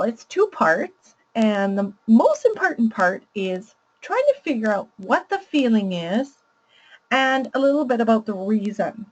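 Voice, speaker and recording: A woman teaching parents with a lively, fairly high voice that rises and falls a lot. She explains patiently and laughs easily as she goes. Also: dull audio. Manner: warm, explanatory, laughs readily. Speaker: parenting educator. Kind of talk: teaching presentation.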